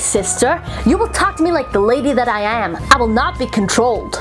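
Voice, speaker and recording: A woman's voice: a little high, lively intonation, fairly quick, over music, rough recording. A woman playing a prim, dramatic fairy with theatrical, indignant outbursts in a comedy sketch. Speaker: host.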